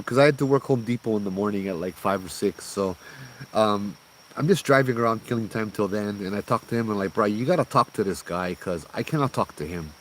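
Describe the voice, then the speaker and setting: A man telling a ghost-tour story outdoors on a trail at night, casual and animated, calling people bro and laughing as he goes. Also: on the low side, slight background noise, rough recording.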